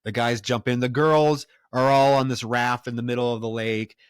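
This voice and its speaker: A man co-hosts a film podcast in casual chat, retelling scenes with loose, animated energy. His pitch is in the everyday middle range and he swears freely. The sound is dry and close to the mic. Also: normal speed, smooth, no room sound. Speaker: podcast co-host.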